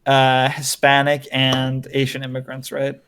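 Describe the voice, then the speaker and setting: A man's voice: medium pitch, completely flat delivery, measured pace, fairly bright tone, clean tone. A man hosting a podcast in a casual chat, rambling and filling his talk with "like" and "right?". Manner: rambling, heavy use of "like" and "right?". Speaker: podcast host. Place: lives in Korea.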